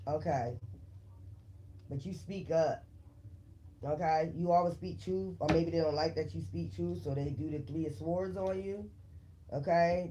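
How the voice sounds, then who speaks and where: A man's voice: on the high side, dark tone, a little hiss or hum. A man giving a casual, profane tarot reading straight to the viewer, emphatic and laughing between lines. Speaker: tarot reader.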